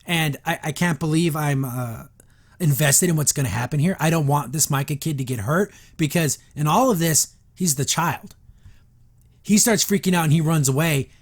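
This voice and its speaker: A man's voice: on the high side, moderate pace. A man hosting a review podcast, casually retelling a cartoon episode and briefly acting out the characters' lines. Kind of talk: casual recap and reaction.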